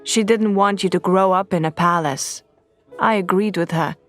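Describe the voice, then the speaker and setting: A woman reading an audiobook voices a serious middle-aged father who is a prince, speaking in a measured, grave way. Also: mid-range voice, a bit bright, faint music behind, natural voice.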